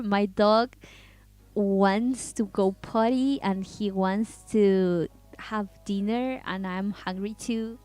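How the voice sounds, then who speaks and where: A woman's voice: mid-range voice, steady tone, takes it slowly, dark tone, dry recording. A woman whose first language is Spanish, chatting casually with viewers while she draws on a live stream, rambling and giggling. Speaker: artist streaming a drawing session.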